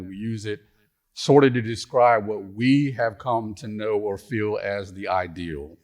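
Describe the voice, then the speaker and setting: Low-voiced folksy storyteller, man. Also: normal speed, a little mellow. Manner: folksy, humorous storyteller, conversational. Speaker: conference plenary speaker, retired pastor. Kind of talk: storytelling lecture. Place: conference hall.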